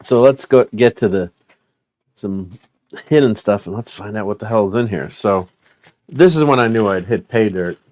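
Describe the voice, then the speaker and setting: Middle-aged male toy collector, slightly low voice, loose rambling delivery full of "uh"s and chuckles; portable mic. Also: moderate pace, darkish tone. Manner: rambling, many fillers, chuckling. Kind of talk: casual unboxing chat.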